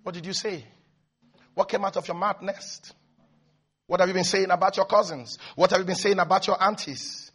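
High bright-voiced preaching man. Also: normal speed, slightly rough. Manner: animated, swinging from hushed to shouting. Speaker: pastor. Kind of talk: preaching sermon.

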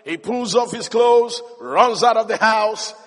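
A man preaching a sermon emphatically, rising to shouts and calling out hallelujah. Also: sits high, a little slow, long reverb tail.

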